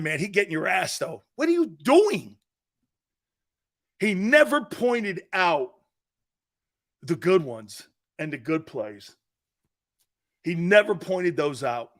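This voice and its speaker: A man in his fifties, a sports talk host, telling stories in an excitable, rambling way and laughing often. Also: high voice. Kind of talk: animated storytelling.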